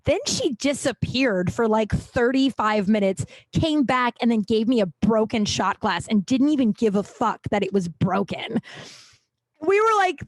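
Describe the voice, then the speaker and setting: A woman's voice: unhurried, no echo. Profane, rambling woman podcast host. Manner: profane, rambling, animated, with sudden jumps in pitch. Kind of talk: casual storytelling monologue.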